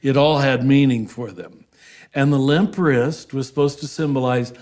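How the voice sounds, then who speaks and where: A Franciscan priest, a man, explaining theology in an unhurried, earnest conversational interview. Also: mid-range voice. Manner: earnest, animated, breaks into soft laughs.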